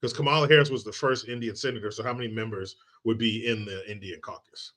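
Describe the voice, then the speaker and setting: A man hosting a comedic commentary video, animated and mocking, often laughing. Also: fairly low pitch, fast talker. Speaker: commentary host.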